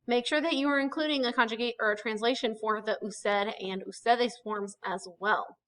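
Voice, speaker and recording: Bright-voiced woman teaching a recorded lesson. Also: a little high, steady tone, normal speed, rough recording. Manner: explains step by step with frequent "okay" and "um". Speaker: Spanish teacher.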